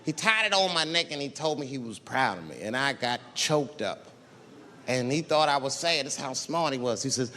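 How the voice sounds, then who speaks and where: A man's voice: medium pitch, animated, moderate pace, pushed and bright, long reverb tail, slight background noise. A male stand-up comedian telling a brash, profane story about his young son. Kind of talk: stand-up routine.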